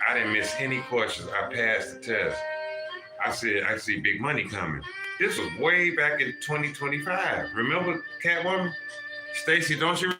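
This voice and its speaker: A man hosting a casual livestream and giving spiritual readings. He talks straight to his viewers in an animated, profane way. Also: medium pitch. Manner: animated, profane, addresses chat viewers directly. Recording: echoey room with music playing. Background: music.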